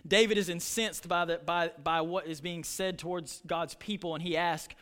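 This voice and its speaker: High-voiced impassioned pastor. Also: male voice, fairly even intonation, moderate pace, few pauses, fairly bright tone. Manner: impassioned preaching, retelling stories with voices. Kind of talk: sermon.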